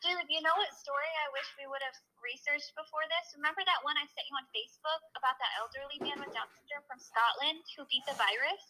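A woman with a high, bright voice co-hosts a casual podcast. She talks fast and jumps in eagerly with quick reactions. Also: poor audio. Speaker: podcast co-host. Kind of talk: casual chat.

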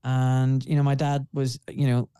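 A man's voice: medium pitch, flat delivery, unhurried, warm tone, clear, resonant tone, dry recording. A man in his forties with a refined Scottish accent, a guest speaking earnestly and outspokenly in a casual interview. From Scotland. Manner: earnest, outspoken, frequent "you know". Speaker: guest, surgeon.

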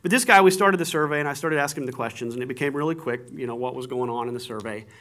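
A man preaching a sermon, telling stories with animated swings in voice. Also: racing. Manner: animated storytelling, acts out shouting with big jumps in pitch. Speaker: pastor.

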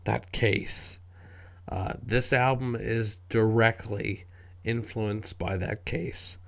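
A man with a gravelly, creaky voice talks at a slow, unhurried pace, sitting a little low in pitch. He rambles in a casual way, restarts his phrases often and swears freely. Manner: rambling, profane, frequent restarts. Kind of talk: casual spoken commentary.

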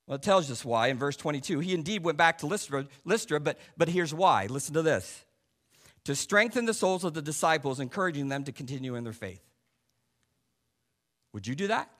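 A male pastor preaching a sermon, asking the congregation rhetorical questions and swinging between loud stressed points and quiet asides. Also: mid-range voice, animated, measured pace, long pauses.

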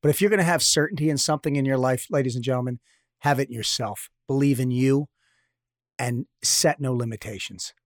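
A man co-hosting a podcast, talking with energetic, joking banter and pep-talk lines. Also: mid-range voice, a little fast, no echo, studio quality. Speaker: podcast co-host, former Navy SEAL.

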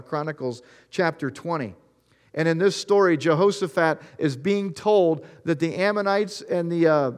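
A man preaching a sermon, retelling Bible stories and speaking earnestly to the listeners. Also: fairly high pitch. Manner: storytelling, acting out Bible scenes in quoted voices; earnest, addresses listeners directly. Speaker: pastor.

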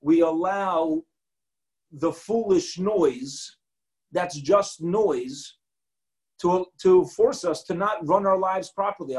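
A rabbi delivers a Torah talk in a notably high male voice. He tells his story with animation, acting out the quoted lines and sprinkling in Hebrew and Yiddish words. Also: darkish tone, rough recording.

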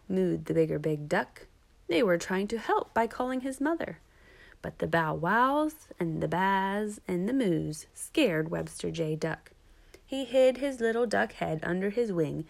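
Woman storyteller for a kids' book reading; gentle, unhurried delivery. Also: on the low side, animated, vocal fry. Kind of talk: children's picture book read-aloud.

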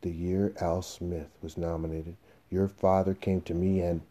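Man voicing a worn-out pleading salesman, husky, very dark low voice. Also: level tone, a little slow. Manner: pleading, emotional, rising to shouts. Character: aging, desperate male salesman pleading for his job.

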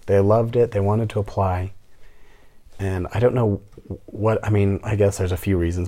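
With a low, warm voice, a young landlord spins a casual, ranting tale about someone who applied to rent from him, dropping in sarcastic and mocking asides.

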